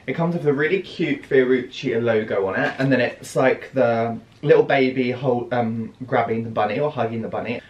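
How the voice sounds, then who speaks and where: A man's voice: mid-range voice, moderate pace, hardly any pauses, darkish tone, highs cut off. A young British man chatting through a fashion haul, gushing with theatrical gasps and squeals. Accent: British English. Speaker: fashion vlogger. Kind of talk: casual haul video chat. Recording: echoey room with faint ambience.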